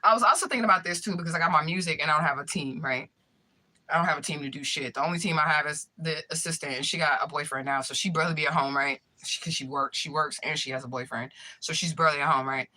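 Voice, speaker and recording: A woman and spiritual reader chatting casually to her viewers, telling stories in an animated, profane way full of fillers. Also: low-pitched, fast talker. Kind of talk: casual live chat to viewers.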